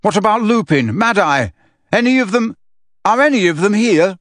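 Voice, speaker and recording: A man's voice: sits high, animated, normal speed, dry recording, pitched above the performer's own voice. Harry Potter, a man doing a demanding teen boy. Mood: urgent. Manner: shouting, pressing demands. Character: teenage boy wizard, urgent and demanding. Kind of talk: reading a novel aloud.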